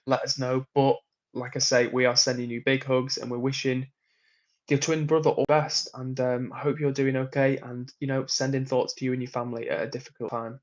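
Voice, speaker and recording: Speaking at a brisk pace with flat delivery, this medium-pitched man chats on a livestream from a hotel room during a work trip. He reads viewer comments aloud and laughs a lot, though the recording is muffled.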